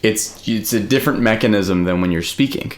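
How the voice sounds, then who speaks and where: A low-pitched man talks through a story with lots of "like"s and restarts, in the loose, easygoing way of a podcast co-host. He sounds like someone chatting with a friend rather than presenting. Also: brisk. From United States. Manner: rambling, filler-heavy storytelling. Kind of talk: casual chat.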